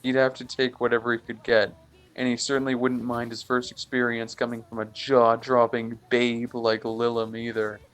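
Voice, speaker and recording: A young man reading a fan story aloud over voice chat, halting and mocking the text. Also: mid-range voice, completely flat delivery, fairly bright tone, clean tone, faint music behind. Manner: halting, often restarts and mocks the text. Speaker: fanfic reader. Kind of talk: mocking comedic dramatic reading.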